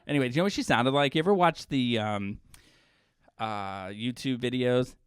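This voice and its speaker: A man co-hosting a podcast, an animated, jokey storyteller who sounds exhausted. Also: medium pitch, moderate pace, clean tone, no echo, clean studio sound. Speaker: podcast co-host. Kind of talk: casual chat.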